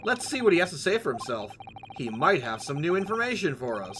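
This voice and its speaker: Guy doing a higher prim young lady assistant, eager and polite, lively up and down. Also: a little fast, background noise. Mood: earnest. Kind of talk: reading game dialogue aloud.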